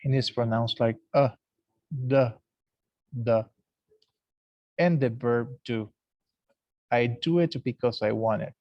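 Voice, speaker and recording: A man teaching English, explaining slowly and repeating example words aloud. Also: mid-range voice, darkish tone, no room sound, lo-fi sound. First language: Spanish. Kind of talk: classroom lesson recording.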